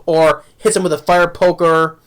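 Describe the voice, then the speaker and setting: A man's voice: fairly high pitch, little pitch movement, moderate pace, a bit bright, clear, resonant tone. A young man casually reviewing a movie, rambling with many restarts and laughs.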